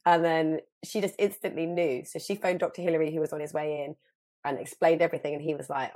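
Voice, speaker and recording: A woman in her thirties, a guest telling a story in animated casual chat, full of fillers. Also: low voice, fast talker.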